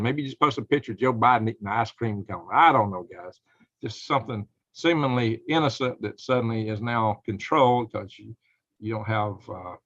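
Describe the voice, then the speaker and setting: A man's voice: mid-range voice, fairly bright tone, no room sound. Man rambling on a live stream. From United States. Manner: rambling, speculative, chuckles often. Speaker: live show host. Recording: dull lo-fi dry sound.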